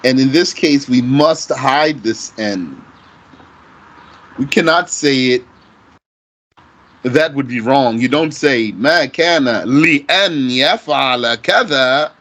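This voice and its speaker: A man teaching Arabic grammar, explaining deliberately and asking himself rhetorical questions. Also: mid-range voice, a bit bright. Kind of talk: recorded grammar lesson.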